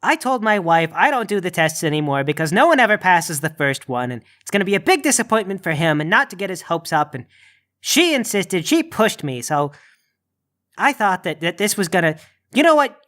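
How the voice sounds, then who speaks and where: Guy playing a grouchy krampus dad in a tabletop game, defensive, grumbles a lot, bright and bouncy. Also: high voice, very animated, a little fast. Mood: grumbling. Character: grumpy, touchy male Krampus demon, a worn-out father.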